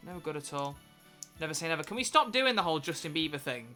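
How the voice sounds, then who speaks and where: A man's voice: on the high side, expressive, quick pace, music in the background. A young man streaming from home, chatting casually and joking sarcastically with his mother. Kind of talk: casual chat on a livestream.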